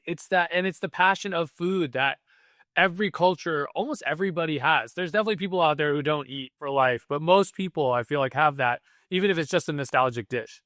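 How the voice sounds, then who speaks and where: A man's voice: on the high side, fairly quick, a bit bright, dry recording, studio quality. A man hosting an interview podcast, talking in an earnest, reflective way. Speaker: podcast host. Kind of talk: casual interview chat.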